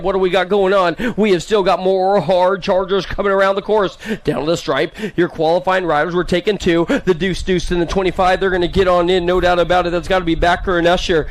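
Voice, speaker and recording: An American man calling BMX races live, fast and hyped, joking and teasing riders by nickname. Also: high-pitched. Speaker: race announcer. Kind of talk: live sports commentary.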